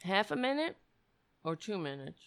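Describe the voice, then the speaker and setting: A woman's voice: mid-range voice, very animated, normal speed, a bit bright, clear, resonant tone. A woman hosting a livestream, ranting angrily with profanity and self-mockery. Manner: angry, profane, self-mocking. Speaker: livestream host. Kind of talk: ranting commentary.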